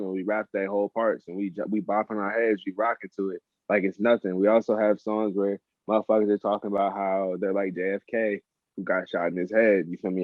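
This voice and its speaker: A man's voice: fairly low pitch, no echo. Guy on a podcast arguing his point, swearing a lot, really emphatic, kinda dull dry recording. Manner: emphatic, argumentative, swears freely. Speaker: co-host, rapper. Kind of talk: casual podcast debate.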